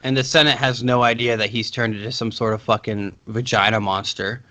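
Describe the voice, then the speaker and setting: A man's voice: medium pitch, fairly even intonation, brisk, pushed and bright. A man co-hosting a casual movie podcast, rambling with frequent restarts and swearing. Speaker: podcast co-host.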